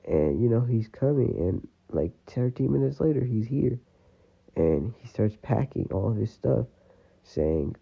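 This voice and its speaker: Man, casual storyteller, gravelly and husky, tinny phone-line sound. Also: medium pitch, animated, unhurried. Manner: rambling, full of "you know" and "like".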